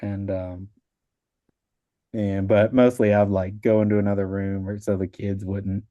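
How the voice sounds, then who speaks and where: Warm and fairly low-pitched, this man's voice stays level and unhurried. He's an adult guest with a wife and young kids, casually relating over a video call how he passed his exam while rambling, peppering in "like", and acting out whoever he quotes. There's no echo, but the highs are cut off.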